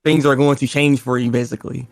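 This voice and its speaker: A man's voice: mid-range voice, flat delivery, fast talker, gravelly, dry recording. A man co-hosting a casual chat, stammering and repeating words, laughing often. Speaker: podcast co-host.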